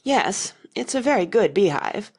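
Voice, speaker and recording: A woman's voice: mid-range voice, big pitch swings, a little slow, slightly rough, pitched above the performer's own voice. A woman voicing a fussy, earnest old male knight inventor in an audiobook reading. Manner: earnest, anxious, solemn.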